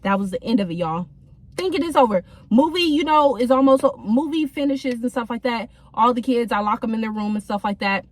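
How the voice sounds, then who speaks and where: A woman's voice: a little high, animated, a little fast, no echo. A young woman telling a casual storytime from her car, in a chatty, slangy way with many fillers. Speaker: vlogger.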